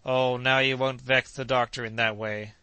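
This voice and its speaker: A cheerful, devoted young manservant, read by a man with a bright, smooth tone. He speaks with eager conviction, close and dry with no room around him. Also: medium pitch, little pitch movement, moderate pace, no room sound, natural voice. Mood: coaxing.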